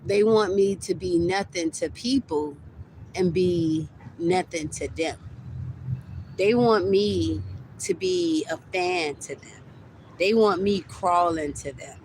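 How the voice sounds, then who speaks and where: A woman's voice: lowish voice, slow, a little mellow, slight background noise. A young adult woman ranting on a livestream, heated and repetitive, stumbling over her words as she circles back to the same complaints. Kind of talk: livestream rant.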